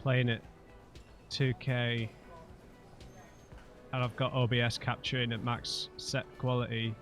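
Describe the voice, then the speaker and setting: A chatty male gamer in casual let's play commentary, joking about his setup and the story. His voice has a gravelly edge at a middle pitch. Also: little pitch movement, unhurried, fairly bright tone, faint music behind. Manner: chatty, joking, reads dialogue aloud.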